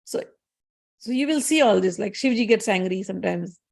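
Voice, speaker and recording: A woman's voice: mid-range voice, lively intonation, normal speed, vocal fry, darkish tone. A woman, a spiritual teacher retelling scripture stories in a conversational lesson, often repeating and restarting phrases.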